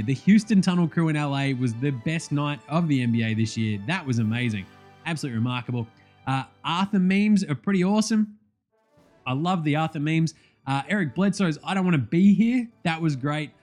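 Australian man, fairly high voice, blunt and sweary sports banter over faint music. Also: a little fast, darkish tone. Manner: profane, blunt, jokey banter. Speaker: sports vlogger. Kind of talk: casual sports commentary rant.

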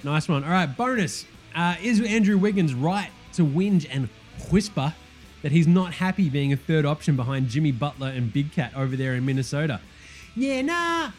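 An Australian man with a notably high voice rants through a comedic sports podcast. He is blunt, sweary and sarcastic, with faint guitar music playing underneath. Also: big pitch swings, moderate pace. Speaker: host.

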